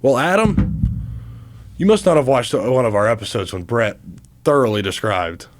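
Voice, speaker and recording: A man's voice: mid-range voice, lively intonation, moderate pace, noisy background. A man in his twenties co-hosting a casual podcast chat. He is laid-back and fills his sentences with "like". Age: 20s. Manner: laid-back, leans on "like" as filler. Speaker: podcast co-host, college football player.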